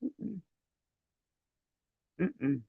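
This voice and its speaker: A man's voice: high voice, big pitch swings, drawn-out words, vocal fry, breathy edge, no echo. A man delivering an angry, profane commentary rant, indignant and repetitive, on a dull lo-fi recording. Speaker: commentary vlogger. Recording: dull lo-fi sound.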